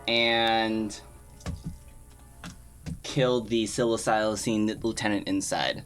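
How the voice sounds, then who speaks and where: A man playing a tabletop game, speaking deliberately and diplomatically in character. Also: on the low side, steady tone, fairly bright tone, faint music behind. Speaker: player.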